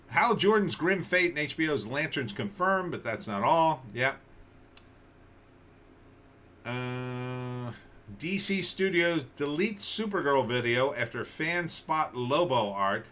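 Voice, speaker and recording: Sarcastic man with a bright voice. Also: medium pitch. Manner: sarcastic, rambling with frequent restarts. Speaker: livestream host. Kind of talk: casual livestream news commentary.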